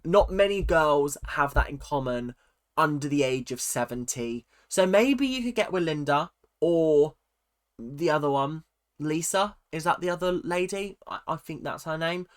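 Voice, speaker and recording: A man's voice: on the high side, unhurried, a bit bright. A man giving a casual, opinionated TV recap, chatty and swearing freely. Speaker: reality TV recap YouTuber. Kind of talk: casual ranting commentary.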